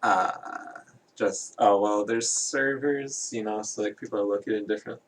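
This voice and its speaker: A man casually chatting on a home livestream, relaxed and rambling, picked up by a camera mic at home. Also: fairly low pitch, moderate pace. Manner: relaxed, rambling, chuckling asides. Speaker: stream caster. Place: home room. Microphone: computer camera mic. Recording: noisy room ambience.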